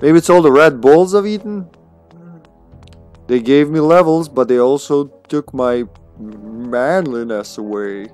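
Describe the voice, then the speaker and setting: Brief: male streamer with a sore throat, casual cursing play-by-play over quiet game music. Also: mid-range voice, measured pace. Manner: swears freely and jokes at the game. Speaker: streamer playing a video game. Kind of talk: casual live gameplay commentary.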